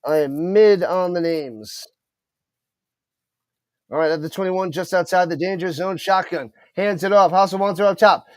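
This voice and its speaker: On a dry recording, a high-voiced man at a moderate pace streams live play-by-play of a football game. His commentary is excited, he chats with his viewers, and unfamiliar player names trip him up.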